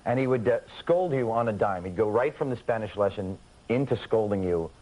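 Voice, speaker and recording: A man's voice: fairly low pitch, lively intonation, brisk, warm tone. A man with a New York accent chatting as a talk show guest, playful and laughing often. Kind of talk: casual chat. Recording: noisy old TV tape.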